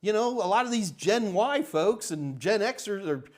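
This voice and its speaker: A man's voice: sits high, expressive, a little slow. An older man hosting a live tech Q&A, answering chat questions in a blunt, emphatic, ranting way. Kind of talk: live Q&A stream.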